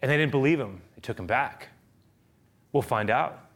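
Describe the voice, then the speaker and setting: A man preaching a sermon, retelling a story with passion; he swings from hushed talk to loud, high excitement. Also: moderate pace. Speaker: pastor.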